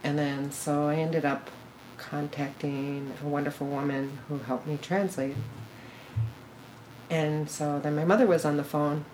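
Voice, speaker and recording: Woman, middle-aged, low voice, blunt, candid, casual storytelling. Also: fairly even intonation, a little slow, darkish tone, a little hiss or hum, poor audio. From born in Korea, raised in Minnesota. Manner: candid, blunt, swears, laughs at herself. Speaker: podcast guest.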